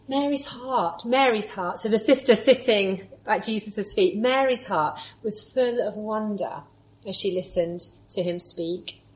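A woman preaching a sermon, moving between lively storytelling and soft, hushed reflection. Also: medium pitch, poor audio.

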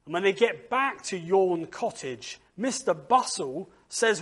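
A man with a high voice leads a church service and tells a story slowly. He reads aloud expressively and fills his pauses with "uh". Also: slightly rough. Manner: expressive read-aloud with frequent uh fillers. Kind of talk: storytelling children's talk.

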